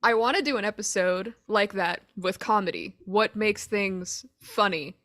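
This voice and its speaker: A woman's voice: medium pitch, measured pace, a bit bright. A woman hosting a casual podcast chat, laughing often and swearing freely. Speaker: podcast host.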